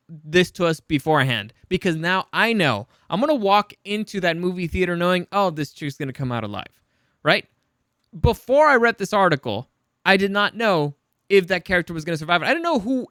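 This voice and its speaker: A man's voice: high-pitched, sharp tone, smooth, no echo. A man hosting a casual pop-culture news vlog, blunt and opinionated, swearing freely and restarting his sentences. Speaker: news commentary host.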